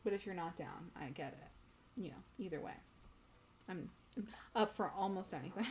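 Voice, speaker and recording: A woman's voice: fairly low pitch, moderate pace, long pauses, a little mellow, faint music behind. A young woman streaming a game, chatting casually with viewers, giggly and gushing. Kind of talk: casual gameplay stream chat.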